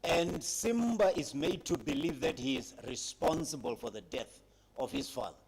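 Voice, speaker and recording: A man giving a public speech at a heritage conference, retelling a story dramatically with emphatic pauses and addressing young people. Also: fairly high pitch, big pitch swings, gravelly, darkish tone, slightly rough.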